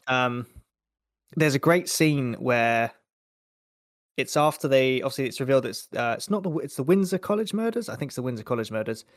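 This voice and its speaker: A man's voice: medium pitch, animated, brisk, no echo, studio quality. A man co-hosting a horror film podcast, chatting casually and often acting out what people said. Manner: chatty, slips into mimicking people. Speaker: podcast co-host.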